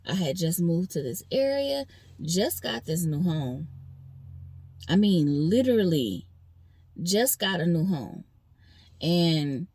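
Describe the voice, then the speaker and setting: Woman, vlogger, personal venting monologue, slow delivery, lively pitch swings, dry close sound. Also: slightly rough, no echo. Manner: rambling, talks straight to viewers.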